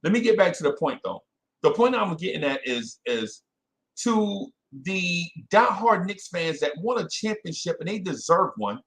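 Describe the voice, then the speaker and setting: Animated New man hosting fans. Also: high voice, normal speed. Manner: animated, self-correcting, talks to chat by name. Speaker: podcast host. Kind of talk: casual live-stream chat with fans.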